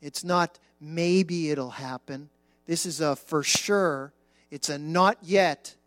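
A man preaching a sermon, emphatic, repeating words for stress and dropping his voice low on key phrases. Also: slow, fairly bright tone, no room sound. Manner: emphatic, repeats words for stress, dramatic drops to near-whisper. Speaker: pastor.

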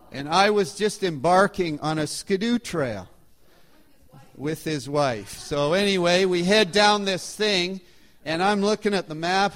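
Male storyteller, slightly high voice, animated and chatty, live anecdote for an audience. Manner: animated, chatty, shifting loudness.

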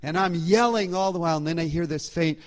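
Animated man telling a story. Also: a little high, fast. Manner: animated, chatty, shifting loudness. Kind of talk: live anecdote told to an audience.

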